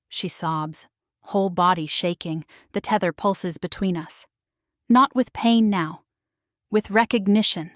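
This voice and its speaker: A woman reading a first-person paranormal romance story aloud, hushed and emotional. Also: on the low side, measured pace, no echo, clean studio sound. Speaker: narrator.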